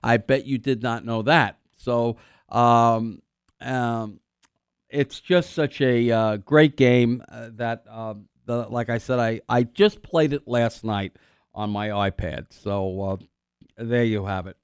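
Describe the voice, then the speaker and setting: A middle-aged man hosting a call-in radio show, rambling from point to point with plenty of "uh"s and restarts. His voice is smooth and resonant, close on a studio microphone with a dry, dead sound. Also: mid-range voice, takes it slowly, no echo. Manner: rambling, filler-heavy, restarts often; coughs and clears throat now and then. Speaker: radio host.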